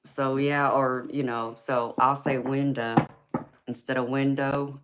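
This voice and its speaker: A woman's voice: very deep voice, level tone, measured pace, noisy background. Laughing Southern-accented woman chatting on a livestream. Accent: Georgia Southern. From California. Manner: chatty, laughs often, calls viewers honey and girlfriend. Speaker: livestream tarot reader. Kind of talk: casual live-stream chat with viewers.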